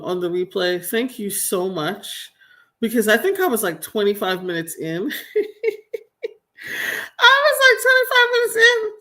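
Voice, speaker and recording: A woman's voice: mid-range voice, a bit bright. A young woman talks straight into her computer mic on a live stream. She is chatty and a little exasperated, with plenty of slang and asides to her viewers. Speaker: live-stream commentary host. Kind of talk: casual live-stream commentary.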